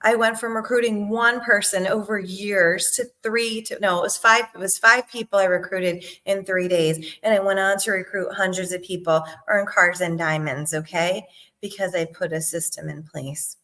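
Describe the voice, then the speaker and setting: A middle-aged woman sales coach talking casually to her viewers, animated and emphatic, with frequent "right?" and "okay?" asides. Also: mid-range voice, moderate pace. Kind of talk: casual talk to camera.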